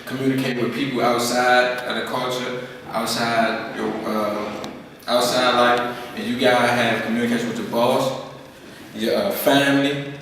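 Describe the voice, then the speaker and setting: A man's voice: mid-range voice, level tone, moderate pace, a bit bright. A young man giving a casual talk to an audience, telling stories and acting out quoted voices. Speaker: speaker at a skills program. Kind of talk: informal presentation to an audience. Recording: echoey hall from far off, faint noise.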